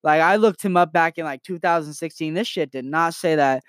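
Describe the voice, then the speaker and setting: A man's voice: fairly high pitch, fairly quick, no echo, clean studio sound. A nineteen-year-old man telling crude jokes and rambling on a casual comedy podcast from his bedroom. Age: late teens. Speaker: podcast host.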